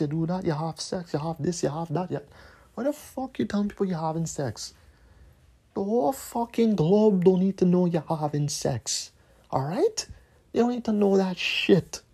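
A man's voice: sits high, creaky, mellow, slightly rough. A man, hosting a podcast and delivering a profane, repetitive, scolding rant. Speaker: podcast host.

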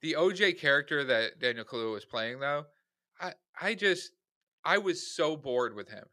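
Animated man reviewing films. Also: a little high, normal speed, no echo, studio quality. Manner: animated, opinionated, acts out quoted lines. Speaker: podcast co-host, film reviewer. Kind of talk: casual chat.

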